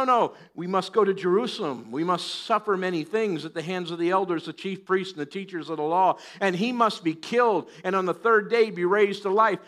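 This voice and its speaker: A man's voice: high-pitched, a bit bright. A middle-aged man preaching a sermon, animatedly acting out scripture voices. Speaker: pastor.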